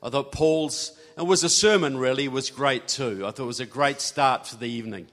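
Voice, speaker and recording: A man's voice: mid-range voice, moderate pace, fairly bright tone. New Zealand man speaking in a hall. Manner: folksy, jokey, earnest. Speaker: guest speaker. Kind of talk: speech to a live audience. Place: large hall. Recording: hall reverb.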